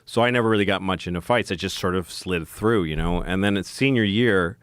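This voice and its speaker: Laughing low-voiced man telling stories. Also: brisk, fairly bright tone, dry recording, studio quality. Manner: rambling, laughing storyteller. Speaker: podcast co-host. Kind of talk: casual chat, storytelling. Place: podcast studio.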